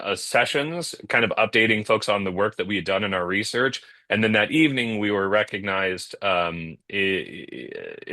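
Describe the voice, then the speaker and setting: A man from the North Jersey area speaks from home as a guest in a casual video-call interview, rambling with plenty of fillers and restarts. His voice is on the low side, pushed and bright, with no echo.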